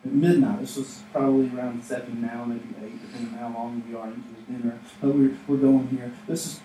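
A man's voice: medium pitch, flat delivery, brisk, warm tone. A man delivers a sermon in a church sanctuary, talking in a loose, conversational way and slipping into voices to act out quotes. He often checks in with "right?" The sound is roomy and echoey, picked up from some distance, with a faint hiss underneath. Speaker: pastor. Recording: echoey room, mic at a distance, faint noise.

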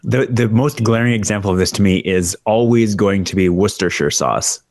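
Brief: man, lowish voice, wry joking podcast co-host, dry close sound. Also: fairly quick, darkish tone, no room sound. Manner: joking, wry, steers the conversation. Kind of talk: casual chat.

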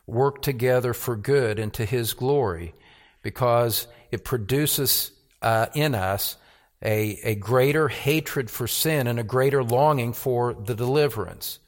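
A man preaching a sermon as pastor, earnest, with repeated words and rhetorical questions. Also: mid-range voice.

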